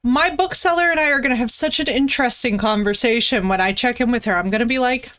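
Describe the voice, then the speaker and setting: A woman streamer telling a story in casual chat, animated and swearing, often laughing, with big jumps in her voice. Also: on the high side, quick pace.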